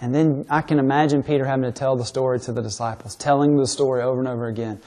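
A man's voice: medium pitch, steady tone, very fast, warm tone. A man preaching a sermon, asking his listeners rhetorical questions and reading scripture aloud.

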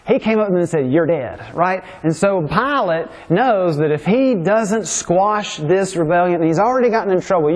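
A man preaching a conversational sermon, often checking in with "right?". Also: high-pitched. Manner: informal, keeps asking "right?".

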